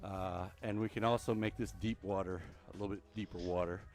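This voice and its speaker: A man's voice: low-pitched, fairly even intonation, fairly quick, darkish tone. Middle-aged man hosting a joking game stream. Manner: chatty and joking, with frequent fillers. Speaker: streamer and host. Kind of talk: casual gaming stream chat.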